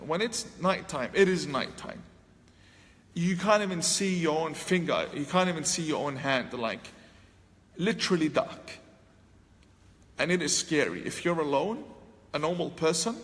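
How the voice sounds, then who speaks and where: Guy telling a story, kinda high voice, gets loud acting out his old lines, big hall echo. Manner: animated, acts out his own past lines with raised voice. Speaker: speaker telling a personal story. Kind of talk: storytelling talk. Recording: long hall reverb, faint ambient noise.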